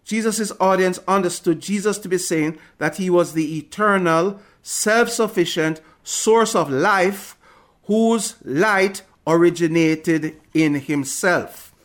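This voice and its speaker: Emphatic man preaching a sermon. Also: high voice. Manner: measured, emphatic preaching delivery.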